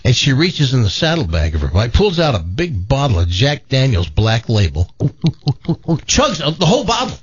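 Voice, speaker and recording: Brief: man hosting radio, lively swinging pitch, husky edge, dry dull lo-fi sound, animated joke teller. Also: normal speed, no room sound. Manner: animated storyteller. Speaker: radio show host. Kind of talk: casual chat and joke telling.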